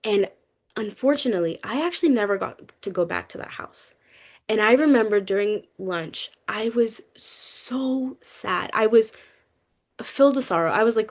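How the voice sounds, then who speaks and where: A young woman giving a lively personal testimony to a youth group, talkative and acting out what people said. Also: moderate pace. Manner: animated, talkative, acts out quotes with rising pitch.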